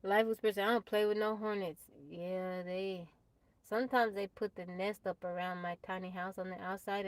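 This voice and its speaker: An adult woman, a mother of a child, chats casually on a live stream from a tiny off-the-grid house. Her voice sits on the low side, and she laughs often and talks straight to her viewers. The recording is low quality, with no echo.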